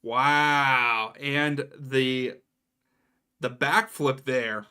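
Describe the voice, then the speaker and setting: Speaking a little slowly with a bright, forceful tone, this young man's medium-pitched voice carries a watchalong stream's live match commentary. He keeps it casual, responding to plays and calling out chat names as he answers viewers.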